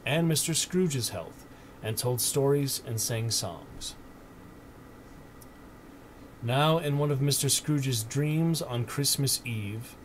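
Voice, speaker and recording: Streamer reading a storybook aloud, mid-pitched man, gentle and expressive, faint hiss behind.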